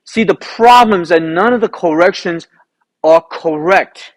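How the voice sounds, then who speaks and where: A man, a golf instructor, recounting a round in an animated storytelling way, asking himself rhetorical questions. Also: high-pitched, a little slow, low-quality recording. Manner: animated, rhetorical questions, re-enacts his own thoughts.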